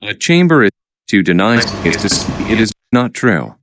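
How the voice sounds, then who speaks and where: A man reading out vocabulary words and their definitions, halting and repeating each word after explaining it. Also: fairly low pitch, sing-song. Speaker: vocabulary teacher. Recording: noisy recording with clicks.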